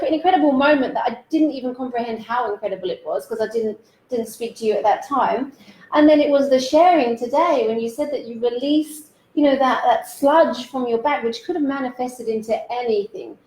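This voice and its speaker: A woman hosting a casual chat, animated and laughing often, with casual swearing. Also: high-pitched, a little fast. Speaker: fill-in host. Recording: roomy echo.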